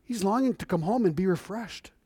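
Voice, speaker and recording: A middle-aged man preaching a sermon in a church, in a conversational, animated storytelling manner. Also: high-pitched, brisk, husky, no echo. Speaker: visiting missionary preacher.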